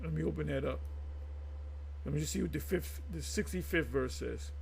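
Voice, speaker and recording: A man reading scripture aloud in halting bits, then breaking into loose ranting commentary full of restarts and stumbles. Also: a little high, gravelly, a little mellow, husky.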